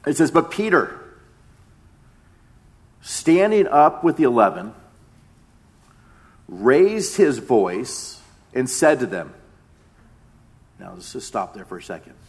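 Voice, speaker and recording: A man's voice: medium pitch, very animated, slow pace, pauses often. A man in his thirties, a pastor giving a conversational sermon that often repeats its phrases.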